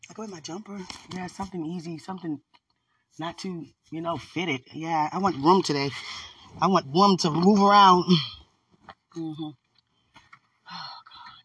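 A woman's voice: lowish voice, unhurried, pauses often, a bit bright, husky. A woman hosting a podcast, chatting casually into her phone while getting dressed at home, playful and teasing, and a little out of breath. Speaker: podcast host.

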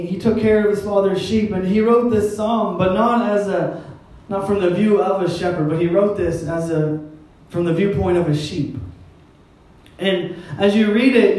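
A man's voice: high voice, fairly even intonation, moderate pace, darkish tone. A man preaching a sermon as pastor, in a conversational style with wry, self-deprecating asides. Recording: echoey hall, mic at a distance.

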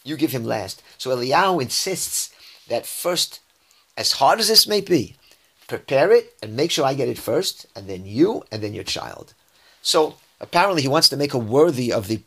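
A man's voice: on the high side, a bit bright, husky. A man giving a verse-by-verse scripture lesson. He reads Hebrew verses aloud and then explains them in English, often restarting his sentences. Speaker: Bible teacher.

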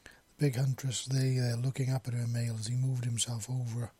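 A man's voice: mid-range voice, level tone, fairly quick, warm tone, slightly rough, dry recording. A man reading a romance story aloud, with small slips and restarts. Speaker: narrator. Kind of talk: amateur fiction reading.

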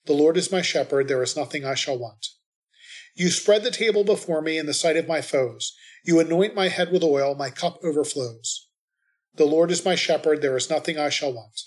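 A man reading the responsorial psalm and scripture readings at Mass in a measured, steady way. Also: fairly high pitch.

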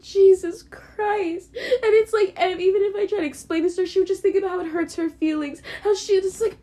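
High-voiced young woman venting rawly. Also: a little fast, warm tone, dull audio. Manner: raw, profane, repetitive venting. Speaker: podcaster. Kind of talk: emotional podcast monologue.

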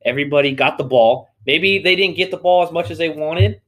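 A man's voice: fairly high pitch, a little fast, a bit bright. A man co-hosting a podcast, telling rambling stories in casual chat and laughing often; he coaches youth flag football. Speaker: podcast co-host.

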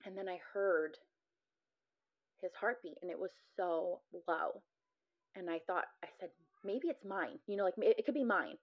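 A woman's voice: on the low side, measured pace. A woman in her thirties, a podcast guest, retelling a frightening experience with many "like" fillers. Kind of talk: recounting a personal story. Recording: muffled lo-fi audio.

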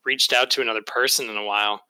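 A man improvising a hesitant, deadpan character who stumbles over his words in a comedic role-play. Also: mid-range voice, fast talker, clear, resonant tone, no room sound, low-quality recording. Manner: deadpan, hesitant, with repeated flat refusals.

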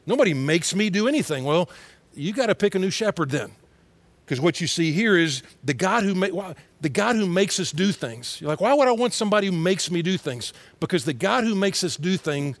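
A man's voice: a little high, dry recording. A middle-aged man from Texas, preaching a conversational sermon and acting out quoted voices. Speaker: pastor.

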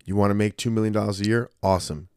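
A man's voice: on the low side, steady tone, very fast, clear, resonant tone, no room sound, clean studio sound. Blunt, profane man on a podcast. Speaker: podcast host and martial arts school owner. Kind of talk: casual podcast chat.

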